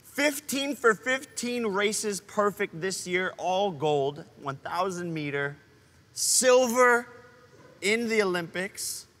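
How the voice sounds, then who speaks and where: A man's voice: sits high, lively intonation, takes it slowly, a bit bright, long reverb tail. A young man hosting a podcast, introducing a guest with hyped, jokey energy. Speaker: host. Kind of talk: casual podcast chat.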